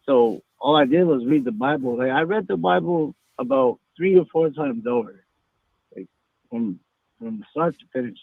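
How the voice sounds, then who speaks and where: Rambling caller on a tinny phone line. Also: male voice, mid-range voice, expressive, normal speed, vocal fry, dry recording. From Texas. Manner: rambling, hesitant, many fillers. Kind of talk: casual phone-in talk.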